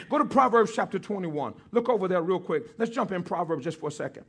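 High-voiced husky preacher. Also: male voice, animated, a little fast, a bit bright. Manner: joking with the congregation, calling for responses; repeats key phrases for emphasis. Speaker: pastor. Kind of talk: sermon.

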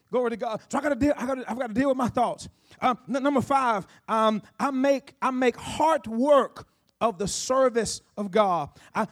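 A man with a very high voice preaching a sermon. He repeats his phrases and calls out praise between points. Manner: preaching with call-outs and repetitions. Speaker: pastor.

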